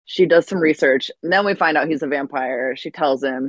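A woman's voice: rumbling low, fairly quick, no room sound, low-quality recording. A woman co-hosting a podcast, recapping a plot with enthusiasm and frequent laughs. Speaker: podcast co-host. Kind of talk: casual podcast chat.

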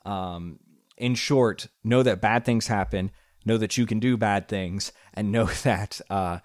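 A man co-hosting a casual podcast, talking earnestly and often pausing with fillers and restarts. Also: fairly low pitch, no room sound, studio quality. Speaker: podcast co-host.

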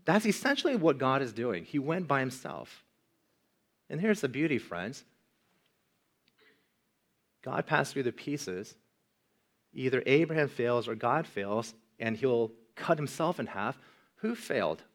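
A man preaching a sermon, asking the congregation questions and moving between hushed, low passages and loud, rising emphasis. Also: expressive, normal speed. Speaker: pastor.

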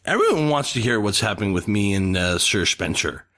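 A man's voice: fairly low pitch, very animated, brisk, pushed and bright. A man guesting on a casual podcast, boastful and teasing. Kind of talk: casual live-stream chat.

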